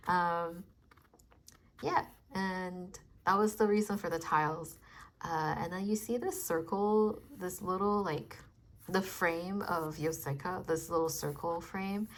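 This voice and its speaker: A woman artist chatting casually about her design process, soft-spoken and hesitant, with many fillers. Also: lowish voice, fairly even intonation, takes it slowly. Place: home in Los Angeles.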